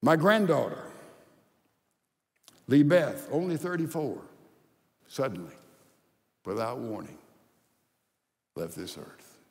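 An older man preaching a sermon as pastor, swinging from loud emphasis to hushed, near-whispered lines. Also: on the high side, long reverb tail. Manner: slow, deliberate delivery with long pauses.

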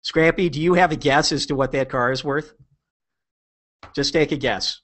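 A man's voice: a little high, normal speed, a bit bright. Chatty man hosting a car podcast. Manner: chatty, jokey, teases co-host. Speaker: podcast host. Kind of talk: casual podcast chat.

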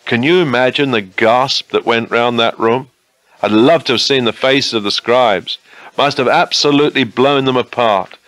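A man's voice: mid-range voice, a bit bright, no echo, poor audio. Man preaching an earnest sermon. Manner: earnest, conversational preaching with rhetorical questions.

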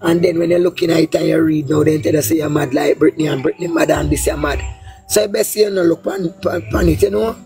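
A woman's voice: sits low, steady tone, fast talker, vocal fry, music in the background. A woman with a Jamaican Patois accent giving a heated, casual political rant, blunt and profane, with a lilting sing-song delivery. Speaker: political commentator.

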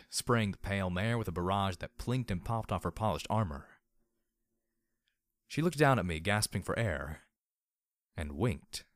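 Deep-voiced man reading fiction. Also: no echo, clean studio sound. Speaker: audiobook reader. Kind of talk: audiobook narration of fan fiction.

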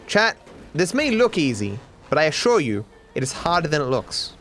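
Excitable swearing gaming streamer. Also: male voice, a little high, moderate pace, soft background music. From Australia. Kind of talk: live gameplay commentary.

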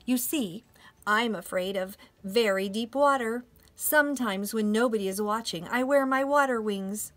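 A man's voice: high-pitched, a little slow, a bit bright. A man voicing a shy, confiding male duck in a children's storybook read-aloud.

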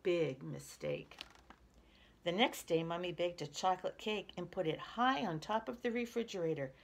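A woman reading a children's picture book aloud in a lively, expressive way. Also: on the low side, a little fast. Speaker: storyteller.

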